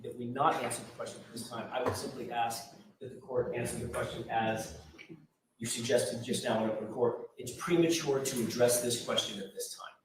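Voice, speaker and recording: A man's voice: mid-range voice, steady tone, fairly quick. Insistent male attorney in echoey courtroom. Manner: insistent, pressing, restarts phrases. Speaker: defense attorney. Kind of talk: courtroom argument. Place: large courtroom. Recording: echoey distant courtroom feed with faint noise.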